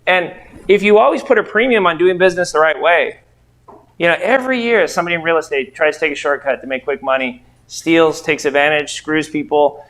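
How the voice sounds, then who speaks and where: A man's voice: fairly high pitch, brisk, fairly bright tone. A middle-aged man, a real estate investor and trainer, telling rambling anecdotes full of quoted dialogue to a training group. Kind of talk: casual storytelling to a training group.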